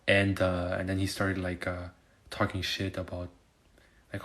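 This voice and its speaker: A man's voice: low voice, monotone, moderate pace, fairly bright tone. A man telling a story in a loose, casual monologue, full of fillers and swearing. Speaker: finance content creator.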